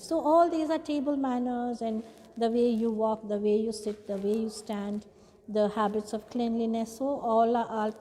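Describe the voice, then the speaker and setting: A woman teacher explains a poem to her class, patiently repeating each point and pausing on filler sounds. Her voice sits fairly high and sounds mellow rather than bright. A long reverb hangs behind her, as in a large echoey room.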